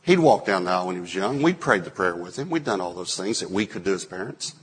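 A man in his forties, a pastor preaching a sermon, telling stories and acting out quotes with sudden loud bursts. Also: low voice, lively intonation, quick pace, slight background noise. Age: 40s.

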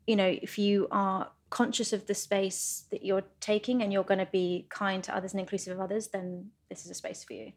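A woman's voice: medium pitch, little pitch movement, fairly quick, few pauses, darkish tone, slightly rough. Friendly, earnest woman podcast guest. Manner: friendly, earnest, with some hesitant restarts. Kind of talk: casual interview chat.

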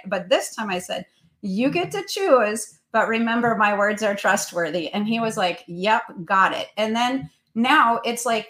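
A woman in her thirties, co-hosting a casual parenting talk, telling a story gently with many fillers. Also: mid-range voice, poor audio. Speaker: co-host.

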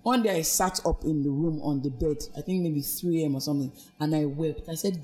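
A woman's voice: deep voice, fairly quick, few pauses, dark tone, faint music behind. A woman with a Nigerian accent, a podcast guest earnestly recounting her life and weaving in her faith. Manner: earnest, reflective storytelling with faith references. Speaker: guest, abuse survivor. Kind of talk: personal testimony in a podcast interview.

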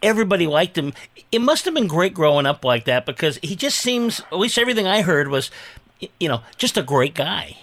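Man, sports interview host, enthusiastic, animated pitch. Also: brisk. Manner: enthusiastic, leading questions with praise. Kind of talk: conversational interview.

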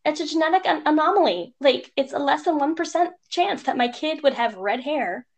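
A young woman co-hosting a casual podcast, telling stories in an animated way and mimicking strangers' voices. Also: high voice, a little fast. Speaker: podcast co-host. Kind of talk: casual chat.

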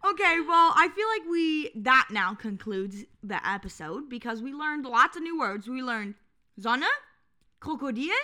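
A woman's voice: high voice, animated, measured pace, sharp tone. A woman co-hosting a casual podcast, teaching German words with a lot of laughter and playful ranting. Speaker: podcast co-host. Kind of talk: casual chat.

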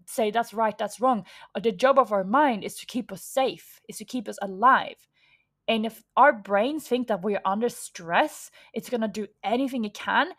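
A woman hosting a podcast, talking frankly and casually as a coach, swearing freely and acting out the voices people hear in their heads. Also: a little high. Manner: frank and chatty, swears freely, acts out quoted inner voices. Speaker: podcast host.

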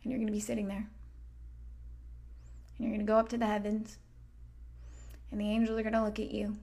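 A woman hosts a motivational self-help podcast, talking casually and swearing freely. Her medium-pitched voice is warm and brisk but completely flat in delivery.

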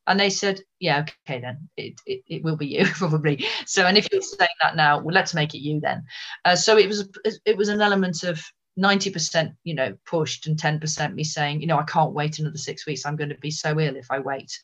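A woman guest telling a personal story in casual chat, animated, acting out what people said. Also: low-pitched, brisk. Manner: lively, animated retelling with voiced quotes. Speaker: interview guest.

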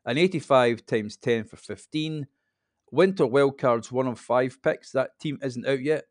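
Man in his fifties, podcast guest, relaxed and rambling, dry room. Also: medium pitch, measured pace, dry recording. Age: 50s. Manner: relaxed, rambling explanations with fillers. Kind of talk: casual chat.

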